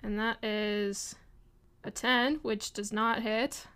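A woman's voice: medium pitch, flat delivery, slow, noisy background. A woman running a tabletop role-playing game as game master, narrating casually with many fillers.

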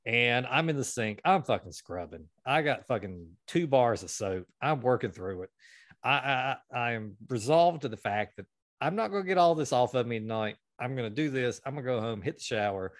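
A man hosting a podcast, telling a long, profane story with lively energy. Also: mid-range voice, normal speed, dry recording, clean studio sound. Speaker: podcast host. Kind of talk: casual storytelling chat.

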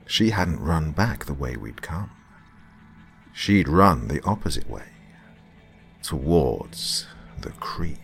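A man reading a scripted horror story in a slow, hushed, dramatic manner. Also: very deep voice, very animated, vocal fry. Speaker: narrator.

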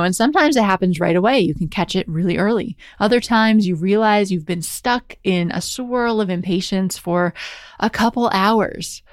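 Gentle woman with a gravelly edge. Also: medium pitch, dry recording, clean studio sound. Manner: gentle, reflective, slow and drawn-out on key words, frequent "right?". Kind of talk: calm mindfulness talk.

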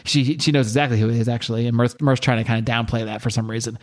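A man's voice: mid-range voice, steady tone, racing. A man hosting a podcast, casually retelling a story with lots of restarts. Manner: rambling with frequent restarts and fillers. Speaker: podcast host.

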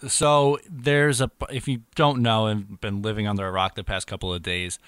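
A man's voice: lowish voice, fairly even intonation, moderate pace, fairly bright tone, clean tone, dry recording, studio quality. A man hosting a casual chat in a laid-back way, with fireworks popping outside. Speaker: podcast host.

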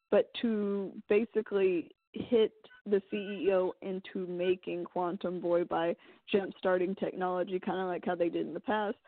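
A woman in casual chat, working through a theory out loud and hedging as she goes. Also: medium pitch, no echo. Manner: thinking aloud, hedging theories. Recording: dry phone-like audio.

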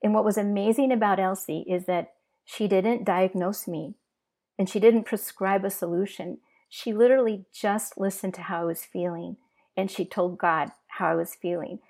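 A woman giving an emotional personal testimony as an interview guest, talking earnestly and halting with restarts. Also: medium pitch, steady tone, creaky, a little mellow.

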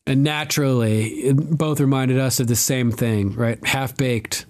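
A man hosting a podcast, recapping a TV episode in casual chat, animated, laughing often and swearing freely. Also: mid-range voice, a little slow, few pauses. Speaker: podcast host.

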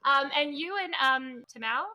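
Australian woman, podcast host, bright tone, slightly high pitch, upbeat rambling chat full of fillers. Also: moderate pace. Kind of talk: casual interview chat.

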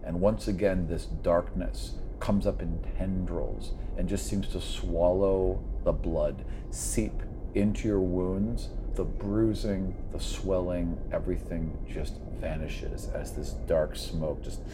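Male game master, lowish voice, vivid and filler-heavy narration, light background noise. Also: steady tone, slow pace. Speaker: game master and podcast host.

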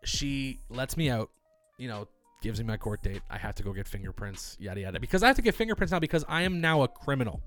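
A young man co-hosting a podcast, telling a story in animated, casual chat, swearing freely and acting out other people's lines. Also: medium pitch, fast, faint music behind. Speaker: podcast co-host.

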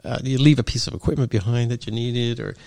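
A man hosting a talk show, a paramedic himself, speaking in an agreeable, measured way and often tagging "right?" onto his points. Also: mid-range voice, fairly even intonation, a little mellow, dry recording, studio quality. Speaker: podcast host and paramedic. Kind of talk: casual conversation.

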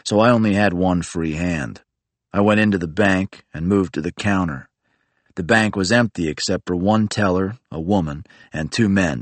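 Deep-voiced male audiobook reader, dry close sound, calm and plain. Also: no echo. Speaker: audiobook narrator. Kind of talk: first-person audiobook narration.

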